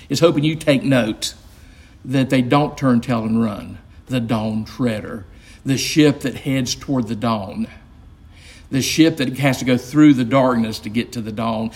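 A man's voice: mid-range voice, gravelly, darkish tone, slightly rough. A male pastor leading a Bible study, explaining earnestly and reading aloud with asides.

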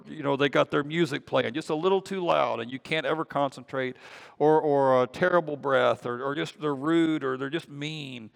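A man's voice: medium pitch, vocal fry. A man preaching a conversational sermon as pastor, often repeating words as he goes. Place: church sanctuary. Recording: long reverb of a church hall.

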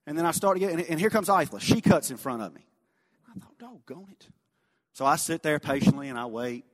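Folksy man preaching in a reverberant church. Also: a little high. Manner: folksy, animated storyteller, drops to quiet emphasis. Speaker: lay speaker sharing a mission story. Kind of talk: sermon storytelling. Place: church sanctuary.

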